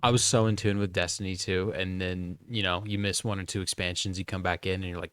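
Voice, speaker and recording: A man co-hosting a podcast in casual chat, telling animated, profane stories. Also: sits low, quick pace, hardly any pauses, clean tone, no room sound. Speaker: podcast co-host.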